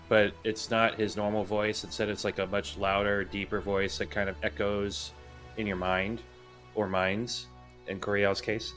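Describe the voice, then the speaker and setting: A man narrating a tabletop role-playing game as game master, calm and descriptive, with frequent "uh". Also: on the low side.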